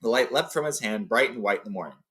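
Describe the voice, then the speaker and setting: A man reading a fantasy novel aloud, relaxed and loose, paraphrasing with fillers. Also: medium pitch, fast. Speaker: storyteller. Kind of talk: casual read-aloud of a novel.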